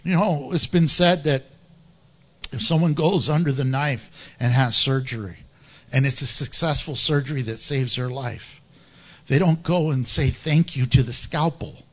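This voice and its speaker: A man preaching a sermon as pastor in a church, animated and humorous, laughing often and acting out Bible stories. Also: mid-range voice, a little slow.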